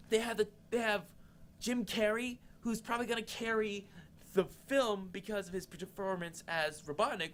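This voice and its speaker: A man's voice: sits high, slight background noise. A young man co-hosting a campus TV show, giving an exasperated, indignant rant of a film review full of restarts. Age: young adult.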